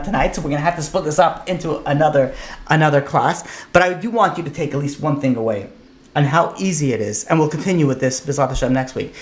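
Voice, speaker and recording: A man teaching a casual Torah class as a rabbi, talking in a loose, conversational way with lots of fillers and restarts, and getting emphatic on his questions. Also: a little high.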